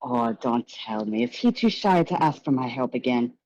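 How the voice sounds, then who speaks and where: A woman's voice: extremely low pitch, big pitch swings, moderate pace, gravelly, darkish tone, dry recording, dull audio, full character voice. A woman voicing a tall, flamboyant male drag club host with an attempted Irish accent, sultry and teasing. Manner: sultry, teasing, calls people darling.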